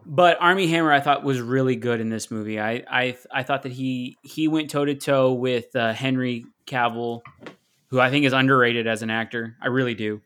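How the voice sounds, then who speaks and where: A man's voice: mid-range voice, steady tone, normal speed, fairly bright tone. Opinionated man rambling about movies. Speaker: podcast co-host. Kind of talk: casual movie-discussion chat.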